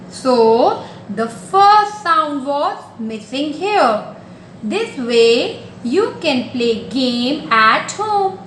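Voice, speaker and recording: A woman's voice: sits high, sing-song, extremely slow, fairly bright tone, slight background noise. A woman teaching a nursery class, talking patiently and coaxingly in a sing-song way to small children. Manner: patient, coaxing, repeats simple instructions. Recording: echoey room.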